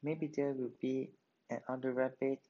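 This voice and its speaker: A man voicing a greedy, lazy farmer in a folk tale, speaking in simple halting words. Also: mid-range voice, flat delivery, dull audio, lightly acted. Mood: pleased. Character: greedy, lazy male farmer hoping for easy luck.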